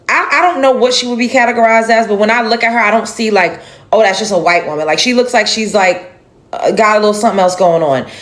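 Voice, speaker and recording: A woman giving an emphatic, indignant reaction commentary on a video clip, with exasperated sighs. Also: a little high.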